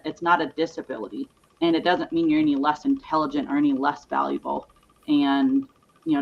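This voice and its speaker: Low-voiced woman guest on a video call, sincere and reflective, kinda dull lo-fi sound. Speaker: guest co-author. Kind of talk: interview conversation. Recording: dull lo-fi audio.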